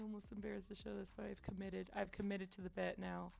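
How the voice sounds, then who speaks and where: Gravelly-voiced woman streamer rambling. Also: mid-range voice, little pitch movement, fast, soft background music. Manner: rambling, self-deprecating, many fillers; drops to quiet mutters while concentrating. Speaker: livestreamer. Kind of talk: casual chat while drawing on stream.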